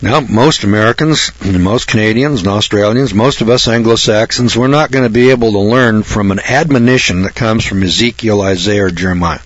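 A man's voice: on the low side, a little fast, few pauses, no room sound. A man preaching a folksy Bible sermon, blunt and colloquial. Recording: dull lo-fi recording.

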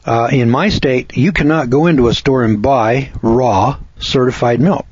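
A man's voice: medium pitch, a little slow, darkish tone, husky, no echo. A man from Missouri, a dairy farmer, talking in a folksy, emphatic monologue that repeats lists of words for stress. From Missouri, USA. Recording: dull lo-fi recording.

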